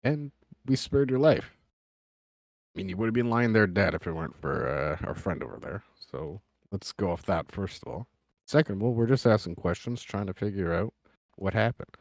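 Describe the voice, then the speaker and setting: Deep gravelly game master. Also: male voice, lively intonation, normal speed, a little mellow, no echo. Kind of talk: tabletop role-play narration.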